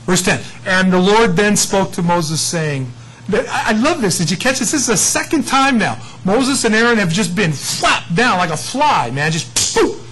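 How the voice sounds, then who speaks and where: A man's voice: sits high, big pitch swings, moderate pace, a bit bright, slightly rough, poor audio. A middle-aged male pastor teaching the Bible in a casual, conversational and self-mocking way.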